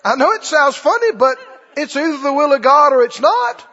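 A male preacher giving an animated, emphatic sermon, repeating lines for stress. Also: very high voice, normal speed. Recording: dull lo-fi recording with long hall reverb.

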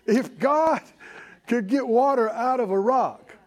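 A man preaching a sermon in a folksy, scolding way, slow and emphatic. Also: very high voice, darkish tone.

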